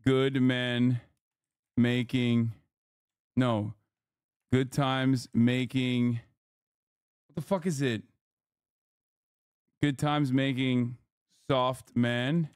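A man drawls out slow, profane rants on a live stream, his voice smooth and resonant. He thinks aloud as he works through his prompts, and the sound is close and dry. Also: medium pitch, little pitch movement, darkish tone, dry recording. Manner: profane, ranting. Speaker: streamer contestant. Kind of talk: casual livestream chat.

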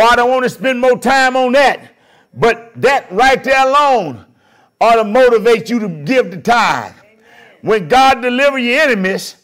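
A man preaching a sermon, his voice sitting high for a man. He works the congregation in call-and-response style and builds up to shouted lines. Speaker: pastor.

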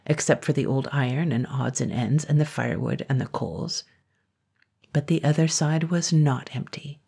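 A woman narrating a classic children's story in a measured way, dropping to a whisper in tense moments. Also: low-pitched, gravelly, dark tone, husky.

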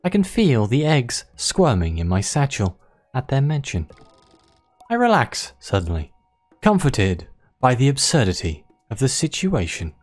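Let's play host musing and reading game text out loud, voice goes up and down a lot, faint game music underneath. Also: medium pitch, very animated, a little slow. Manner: chatty, musing, reads narration aloud. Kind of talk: casual game commentary and reading story text.

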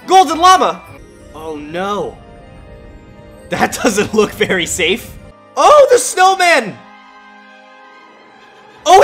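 A gaming YouTuber giving excited reaction commentary, chatty and reminiscing, bursting into shouts and exclamations. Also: high voice.

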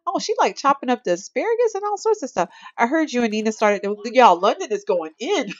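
A woman's voice: on the high side, brisk, no echo, dull audio. A woman hosting a gaming video, giving chatty commentary and talking straight to her viewers. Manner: chatty, animated, addresses viewers as y'all. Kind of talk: casual let's-play commentary.

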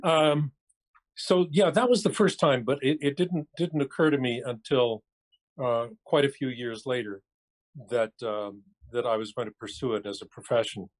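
A man's voice: medium pitch, moderate pace. An older male actor, speaking on a cell phone as a podcast guest and recalling his career in an easygoing, reflective and wry way. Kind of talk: casual interview chat.

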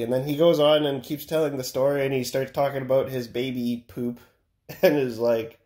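A man's voice: medium pitch, moderate pace. Joking young Canadian man. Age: young adult. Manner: joking, animated storyteller. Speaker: vlogger. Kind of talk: casual chat.

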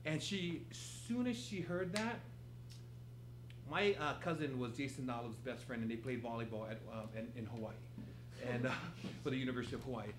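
A man speaks at a moderate pace in a mid-range voice, entertaining a live improv theater audience with a humorous story as its guest storyteller. He laughs along and acts out what people said, full of animation. Echo and noise fill the room.

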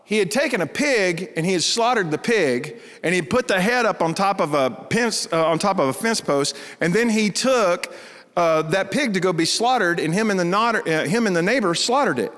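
A pastor from Texas with a Texas accent, preaching in a folksy, animated storytelling style and acting out the voices in his stories. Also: high-pitched, normal speed. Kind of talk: storytelling sermon. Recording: reverberant church hall.

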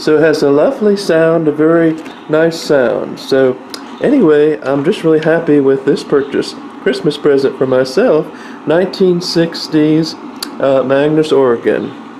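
A man's voice: a little high, a little slow, dark tone, slight background noise, rough recording. A man talking casually in a vlog, rambling with lots of fillers as he shows off a small vintage organ. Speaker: vlogger showing an instrument. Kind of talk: casual show-and-tell vlog. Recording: organ playing in the background.

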